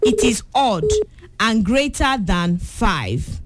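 A woman hosting a children's call-in radio quiz, brisk and encouraging, repeating each question for the young callers. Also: mid-range voice, big pitch swings, heavy background noise. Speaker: radio quiz show host.

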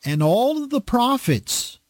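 A man preaching a Bible study, reading scripture slowly and pausing often with fillers. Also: extremely high pitch, big pitch swings, dry recording. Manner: slow, deliberate reading with frequent fillers.

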